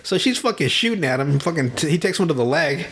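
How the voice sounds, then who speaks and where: Man, podcast host, casual chat, slightly raised pitch, cursing, laughing storyteller. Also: quick pace, noisy background. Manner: profane, laughing, animated storytelling. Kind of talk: casual chat retelling movies.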